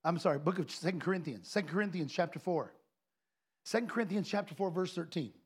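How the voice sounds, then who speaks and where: A male preacher giving a sermon, swinging between quiet, joking asides and shouted proclamations. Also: on the high side, quick pace, husky. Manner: folksy, joking, with laughter.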